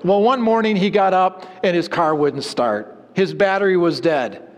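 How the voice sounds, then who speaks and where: High-voiced male preacher in a hall. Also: moderate pace, highs cut off. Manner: storytelling with sudden drops to low, quiet emphasis. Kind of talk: sermon with an illustrative story.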